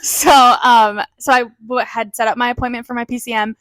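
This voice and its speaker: A woman's voice: fairly high pitch, flat delivery, a little fast, no room sound, rough recording. A woman co-hosting a podcast, chatting candidly with frequent laughs and swearing. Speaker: podcast co-host. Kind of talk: casual chat.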